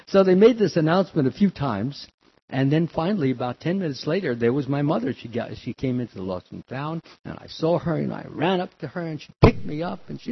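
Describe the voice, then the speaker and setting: An older man tells a sermon story with lively, swooping pitch and a slightly husky voice. He acts out children's cries in a high voice. The recording sounds dull and lo-fi. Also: fairly quick. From the Bronx, New York. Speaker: devotional speaker.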